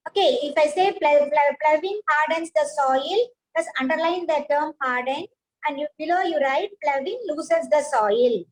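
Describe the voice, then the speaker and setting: A woman's voice: sits high, normal speed, poor audio. A woman, teaching a science class, patiently repeating points and praising pupils by name.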